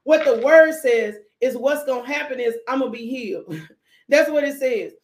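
A woman preacher delivers a fervent sermon in a high voice, swinging from near-tearful pleading to sudden shouts. Her words ring through an echoey church room. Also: normal speed. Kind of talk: impassioned sermon.

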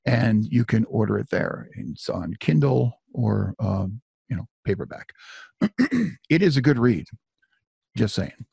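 A man's voice: lowish voice, very animated, slow, gravelly, darkish tone, husky, dry recording, studio quality. A middle-aged man telling a personal story in a conversational, self-deprecating way, full of asides. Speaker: author and storyteller.

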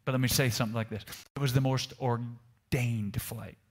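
A man's voice: medium pitch, fairly even intonation, normal speed. A male pastor preaching a sermon to a congregation in Italy. He tells a personal story and keeps asking the room rhetorical questions. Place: church service in Italy.

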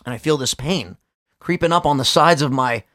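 A man's voice: a little high, normal speed. A young man co-hosting a podcast in casual chat, hyped and swearing a lot. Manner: hyped, swears a lot, sings and shouts bits. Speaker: podcast co-host.

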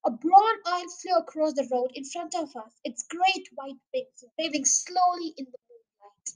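Female storybook reader, podcast host; high voice, steady read-aloud narration. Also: a little slow, poor audio. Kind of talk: storybook reading.

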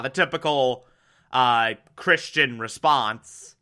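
A man's voice: medium pitch, slow, sharp tone, smooth. A young man casually recapping a TV episode, chatty and wry, with lots of fillers. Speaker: TV show recap host.

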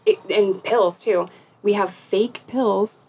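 A woman's voice: mid-range voice, steady tone, takes it slowly, warm tone, a little hiss or hum, low-quality recording. A young woman guest in a casual interview, talking frankly and profanely, with a self-mocking laugh. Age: young adult. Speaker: podcast guest.

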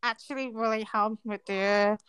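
A woman guest on a podcast, talking in a hesitant way with many pauses and fillers. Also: medium pitch, steady tone, a bit bright, smooth, no echo, poor audio. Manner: slow, hesitant, many ums. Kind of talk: casual chat.

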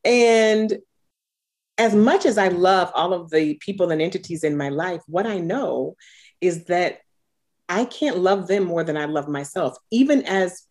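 A woman in her thirties, a coach, talking in an interview in an earnest, unhurried way with conviction. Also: on the low side, animated, a little mellow. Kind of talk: podcast interview, reflective.

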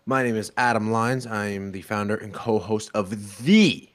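A man's voice: lowish voice, normal speed, no echo. A young man hosting a casual podcast, upbeat and joking with his co-host, recorded on a studio mic. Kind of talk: casual chat.

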